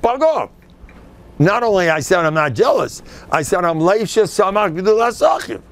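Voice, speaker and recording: An older man giving an informal, animated Torah class as a rabbi, sprinkling Yiddish and Hebrew phrases. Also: high voice, moderate pace.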